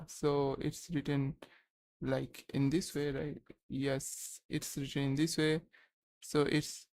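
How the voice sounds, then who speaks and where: A young man on a live study stream, thinking aloud and slowly sounding out syllables, pausing to check himself. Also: on the high side, flat delivery, dry recording, studio quality. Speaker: language learner streaming study session.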